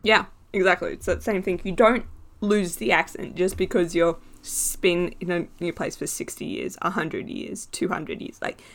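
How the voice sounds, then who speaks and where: A woman co-hosting a podcast in casual chat, animated and quick to laugh as she rants. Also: fairly low pitch. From Australia. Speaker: podcast co-host.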